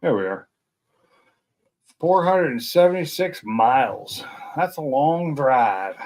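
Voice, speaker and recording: A man's voice: mid-range voice, animated, slow pace, a little mellow. A man chatting casually with viewers on his live stream from home, rambling and poking fun at himself. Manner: rambling, chatty, self-deprecating. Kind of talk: casual chat. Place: at home at night.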